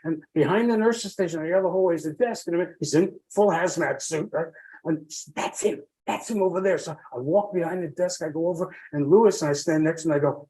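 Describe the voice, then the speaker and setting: Halting, heartfelt man telling his story. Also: fairly high pitch, mellow, rough recording. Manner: halting, many fillers and restarts, heartfelt. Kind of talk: rambling personal storytelling.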